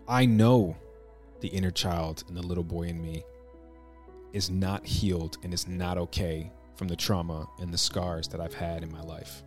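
A man telling a personal story in a reflective, halting way, with many restarts. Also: sits low.

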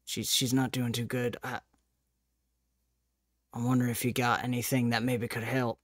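A man's voice: mid-range voice, level tone, normal speed, no echo, studio quality. A man playing a tabletop game in character, hesitant and coaxing. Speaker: player.

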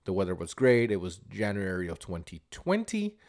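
A man vlogger telling a casual, animated travel story, rambling and repeating words as he goes. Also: low-pitched, normal speed.

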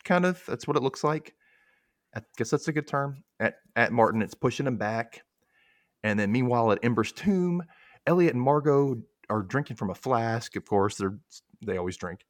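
A man's voice: mid-range voice, animated, moderate pace, dry recording, studio quality. A young man hosting a podcast, casually recapping a TV episode and acting out characters' lines in exaggerated voices. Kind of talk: casual chat.

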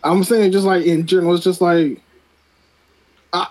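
A man's voice: high-pitched, steady tone, normal speed, darkish tone, low-quality recording. A man in a casual podcast chat, rambling as he gives his opinions.

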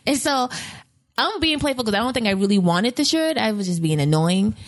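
A woman in casual podcast conversation, her voice sitting a little high. She speaks. She tells stories playfully, laughing often and acting out what people said. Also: expressive, fairly quick. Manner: playful, laughs often, acts out quoted lines. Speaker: podcast co-host. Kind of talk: casual storytelling chat.

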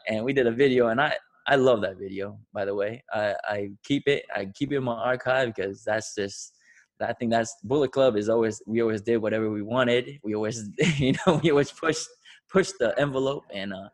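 A man's voice: medium pitch, brisk. A man hosting a podcast, telling a long rambling story with lots of swearing and laughter. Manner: rambling, profane, laughs often. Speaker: podcast host. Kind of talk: casual storytelling.

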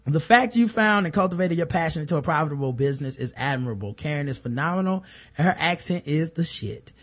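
A man co-hosting a podcast, chatting casually and reading listener emails aloud with low muttered asides. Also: expressive, fast, a bit bright. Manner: laid-back, drops into a low mutter for asides, reads letters aloud. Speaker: podcast co-host.

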